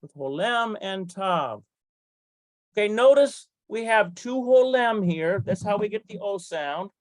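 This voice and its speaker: A slow, deliberate teacher walks through a Hebrew grammar lesson, spelling out each letter and vowel one at a time. The voice sits at a middle pitch, pauses for frequent fillers and corrects itself as it thinks aloud. The sound is close and dry, with no room echo. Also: expressive.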